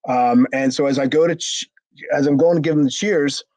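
A man, a former wrestler, telling a story in a casual interview, animated and profane, acting out what others said. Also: fairly high pitch, a little fast, dry recording, poor audio. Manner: animated, acts out quotes with raised voice, frequent restarts and swearing.

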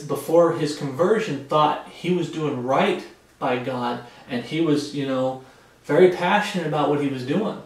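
A man's voice: a little high, darkish tone. A man preaching a Bible study, reading scripture aloud and explaining it in plain, casual talk. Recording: echoey room, mic far off.

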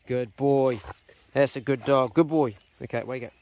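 A man's voice: mid-range voice, quick pace, no echo. A man, talking in a casual vlog on a rural farm, coaxing and commanding his dogs and ducks. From New Zealand. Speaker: vlogger.

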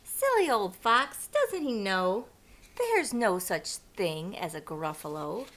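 A woman's voice: mid-range voice, sing-song, slow, fairly bright tone, slight background noise. A woman voicing a small, clever brown mouse in a picture-book reading, speaking boldly and emphatically. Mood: smug. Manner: bold and emphatic.

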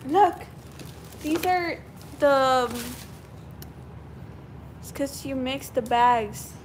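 A mother on a live stream, talking to her toddler in a high sing-song baby voice while opening gifts. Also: drawn-out words, a little hiss or hum. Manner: gasping, cooing with delight. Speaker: mother and vlogger.

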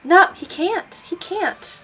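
A woman's voice: very high-pitched, animated, slow pace, bright, forceful tone. A woman giving chatty let's play commentary, talking to the characters on screen. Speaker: gamer.

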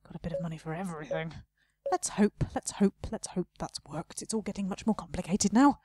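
A woman's voice: lowish voice, a little fast, mellow, dry recording. A woman talking casually to herself while playing a video game, muttering and playfully scolding the game's customers. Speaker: gaming video host. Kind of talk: casual let's play commentary.

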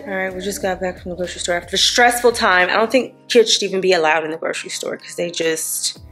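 A woman's voice: fairly low pitch, fast talker, a bit bright, soft background music. A young adult woman chatting casually in a family vlog, blunt and joking, scolding her kids playfully. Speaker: vlogger mom.

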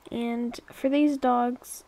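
A woman's voice: a little high, fairly even intonation, extremely slow, dark tone. A young woman chatting and rambling through her gameplay commentary, exclaiming and coaxing her pets along. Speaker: let's play YouTuber.

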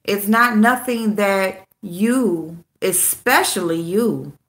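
A woman's voice: medium pitch, takes it slowly, fairly bright tone. A woman hosting a casual phone livestream, greeting viewers by name as babe and speaking bluntly, repeating herself for emphasis. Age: adult with a school-age son. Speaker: livestream host.

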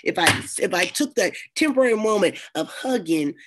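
A woman preaching a conversational sermon, animated, acting out the voices of the people she quotes. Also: mid-range voice, moderate pace, background noise. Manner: animated, acts out quoted voices, laughs often. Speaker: prophetess and preacher.

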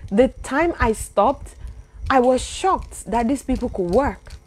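A woman preaches in an informal, emphatic monologue. She fires off rhetorical exclamations, and her voice sits fairly high for a woman. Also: lively intonation, takes it slowly. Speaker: Bible teacher.

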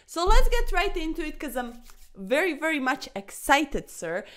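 A woman chess streamer giving casual, excitable commentary over fast games, chatty and a little breathless, tacking "sir" onto her sentences. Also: sits high. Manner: excitable, chatty, keeps saying "sir", laughs often.

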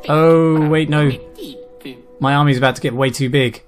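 A man's voice: fairly high pitch, steady tone, moderate pace. A man giving casual commentary over a video game, reading the on-screen text aloud with frequent chuckles and exclamations. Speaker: gameplay commentator. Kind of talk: casual let's-play commentary. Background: game music.

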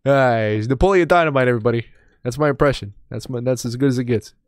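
A young male streamer talks through his game in a rambling, joking way, often poking fun at himself. His voice sits in an ordinary middle pitch. The sound is close and dry, with no room around it. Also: steady tone, fast talker, no echo. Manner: joking, rambling, self-mocking. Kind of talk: casual gaming commentary.

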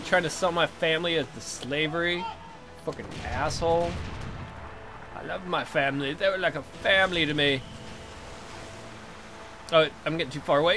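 A young man commentating his own game play casually, excitable and jokey, swearing often and talking back at the game. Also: fairly high pitch, moderate pace, long pauses, soft background music. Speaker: let's play host.

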